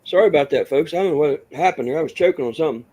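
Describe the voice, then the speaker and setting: A man's voice: fairly high pitch, racing, darkish tone. A man from West Virginia hosting a casual open-mic podcast, talking in an easygoing way with frequent restarts. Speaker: podcast host.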